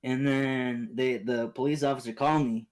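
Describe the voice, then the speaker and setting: A man's voice: mid-range voice, steady tone, normal speed, a little mellow. A young man casually telling a long story to friends, rambling with restarts, slang, swearing and laughing asides. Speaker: podcast co-host.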